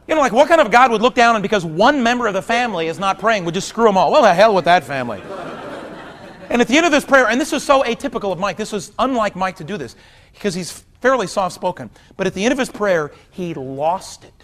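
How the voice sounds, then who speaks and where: A man in his thirties doing stand-up comedy on a theater stage, talking wryly and conversationally, then breaking into loud outbursts. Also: sits high, animated, fast. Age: 30s. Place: theater stage before a large audience. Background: audience laughter.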